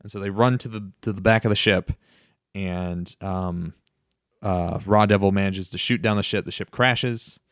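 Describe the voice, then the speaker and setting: Male podcast co-host, lively plot recapper, resonant tone, dry booth sound. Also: deep voice, moderate pace, clean tone, no room sound. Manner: animated storyteller, acts out lines. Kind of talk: casual chat recapping a film.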